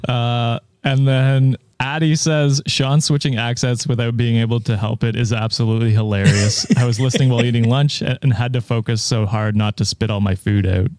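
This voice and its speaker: A man's voice: mid-range voice, fairly even intonation, moderate pace, hardly any pauses, darkish tone, no echo. Upbeat man reading listener comments, dry. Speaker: podcast host. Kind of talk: casual podcast chat, reading listener comments.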